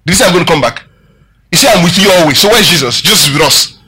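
Bright-voiced preacher asking the crowd questions. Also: male voice, high-pitched, expressive, racing, low-quality recording. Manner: preaching with call-and-response and rhetorical questions. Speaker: pastor. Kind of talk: sermon.

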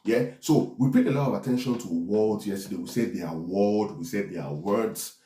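Preacher man, low mellow voice. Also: moderate pace. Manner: preaches with many "right?" tag questions. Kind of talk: sermon. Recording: echoey room.

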